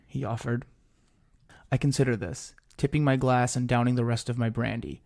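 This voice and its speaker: A man reads a first-person story in a measured, deliberate way. His voice sits at a middle pitch, steady and unhurried. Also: creaky. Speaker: narrator and writer.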